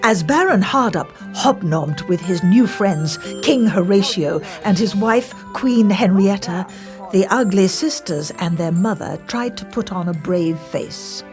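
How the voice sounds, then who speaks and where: A woman's voice: medium pitch, expressive, measured pace, darkish tone, faint music behind. A woman reading a fairy tale aloud in a playful, theatrical way. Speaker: storybook narrator. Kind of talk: expressive storybook reading.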